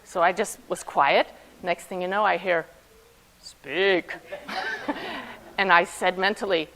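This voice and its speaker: Her voice lowish and her pace moderate, a spiritual medium shares a personal story with her audience on a low-quality recording. She tells it with energy, performing each quoted voice.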